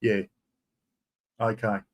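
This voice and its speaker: A man in his fifties with an Australian accent, excitedly hosting a chatty live stream giveaway and poking fun at himself. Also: fairly low pitch, drawn-out words. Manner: excitable, chatty, self-mocking.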